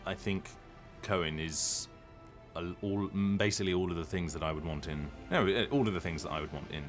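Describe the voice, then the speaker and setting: A voice actor chatting casually on a live stream, rambling and hesitant with lots of ums and restarts. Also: male voice, low-pitched, fairly quick, soft background music.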